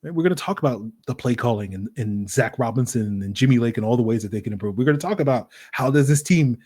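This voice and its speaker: A man hosting a solo sports podcast, talking in an animated, rambling way with lots of fillers and rhetorical "right?" questions. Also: medium pitch, quick pace. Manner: acts out voices in quoted asides. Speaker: podcast host.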